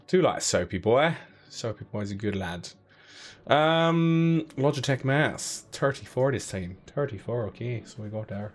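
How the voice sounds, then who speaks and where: A young man hosts a live prize draw, loose and chatty, tossing out jokes between numbers. His voice sits at an ordinary middle pitch. Soft music plays quietly underneath. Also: lively intonation, unhurried. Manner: chatty and playful, cracking jokes and counting down. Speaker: giveaway live draw host. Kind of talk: casual live-stream chat.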